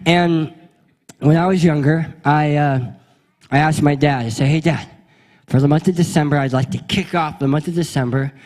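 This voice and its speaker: A male pastor with a high voice talks to his congregation in a playful, energetic way. He leads them through a silly game and then settles into a chatty story. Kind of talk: lively sermon with audience game. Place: church sanctuary before a congregation.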